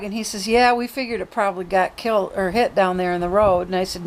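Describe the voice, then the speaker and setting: A woman's voice: mid-range voice, steady tone, brisk, poor audio. A woman recording a daily vlog, relating a long story in a casual, chatty way. She slips quoted dialogue into the telling. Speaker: vlogger.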